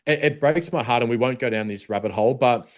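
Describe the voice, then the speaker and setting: A man's voice: medium pitch, fast talker. A man in his forties with an Australian accent, talking bluntly as a podcast guest and swearing freely. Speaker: podcast guest, former protection officer. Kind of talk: casual conversational interview.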